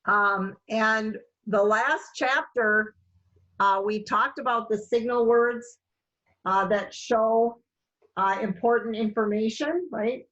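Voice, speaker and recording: Woman ESOL teacher on a video call, slightly high voice, slow and careful delivery with frequent "um"s. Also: a bit bright, highs cut off. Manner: slow, careful, many fillers. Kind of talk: online class lecture.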